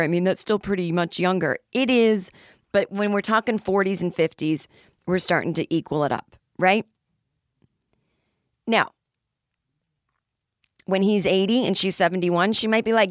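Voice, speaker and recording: A woman's voice: mid-range voice, measured pace, long pauses, no echo, clean studio sound. A woman in her forties hosting a comedy podcast, talking in a chatty, rambling, self-deprecating monologue.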